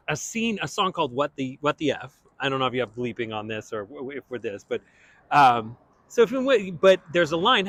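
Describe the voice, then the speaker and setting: Animated man telling a backstage story. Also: medium pitch, no echo. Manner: animated storyteller, acts out quotes. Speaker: guest. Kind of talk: casual anecdote chat.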